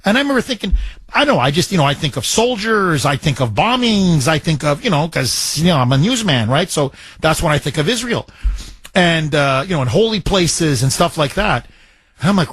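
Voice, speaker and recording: A man hosting a talk radio show, telling a story with lively, repetitive phrasing. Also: a little high, a little fast, husky, no room sound. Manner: animated storyteller, repeats phrases. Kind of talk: talk radio chat with a caller.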